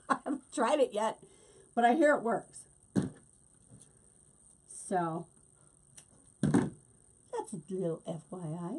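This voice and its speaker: Chatty husky woman crafting. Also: mid-range voice, very animated, slow pace, long pauses. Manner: chatty, laughs often, talks while working. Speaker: wreath-making host. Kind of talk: casual craft tutorial chat.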